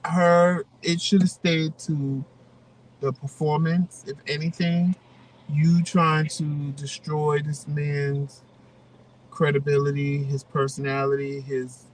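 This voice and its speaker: A man co-hosting a casual chat, giving his views in a flat, matter-of-fact way. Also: a little high, slow, distant mic, a little hiss or hum, low-quality recording. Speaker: co-host.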